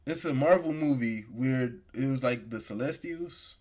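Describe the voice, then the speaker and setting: A man co-hosting a podcast in casual chat, animated and slangy in his banter. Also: medium pitch, moderate pace. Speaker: podcast co-host.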